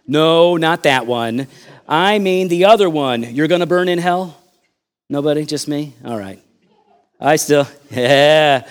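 A male pastor with a slightly high voice preaches an animated, conversational sermon. He alternates between loud, emphatic lines and quiet asides, joking with the congregation.

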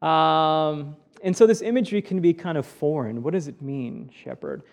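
A man's voice: on the high side, normal speed. A man preaching a sermon as a pastor, first reading a psalm aloud, then explaining it in an earnest teaching manner with frequent restarts. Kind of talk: scripture reading.

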